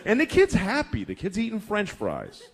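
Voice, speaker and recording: A man's voice: high-pitched, wildly swooping pitch, normal speed, vocal fry. A man in his forties doing stand-up comedy, telling stories in a profane, exasperated way.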